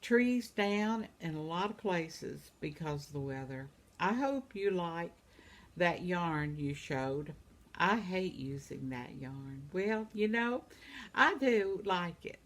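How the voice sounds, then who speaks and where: A woman's voice: on the low side, lively intonation, slow. A woman in her seventies chatting casually at home, reading out viewer comments and laughing often. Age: 70s. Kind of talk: casual chat.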